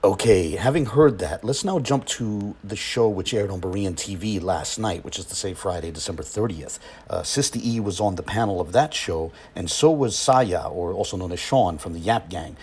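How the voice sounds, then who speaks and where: Deep, husky man introducing a clip. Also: animated, moderate pace, hardly any pauses, darkish tone. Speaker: channel host. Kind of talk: scripted commentary.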